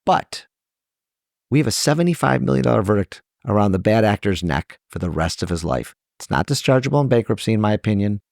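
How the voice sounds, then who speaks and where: A man's voice: on the low side, big pitch swings, fairly quick, vocal fry, darkish tone, no echo, studio quality. A man, a trial lawyer guest on a podcast interview, speaking earnestly and emotionally, his voice rising when he stresses a point.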